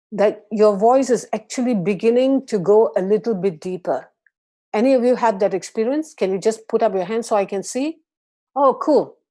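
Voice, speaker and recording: A woman from Malaysia guiding a group through a gentle voice and breathing exercise, patient and encouraging. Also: medium pitch. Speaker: voice and meditation instructor. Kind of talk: guided voice exercise class.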